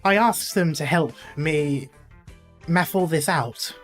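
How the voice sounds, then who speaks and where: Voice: medium pitch, slow, faint music behind, natural voice. A streamer reading a game story aloud and voicing a shrewd, practical young woman in a put-on Russian accent. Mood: scheming.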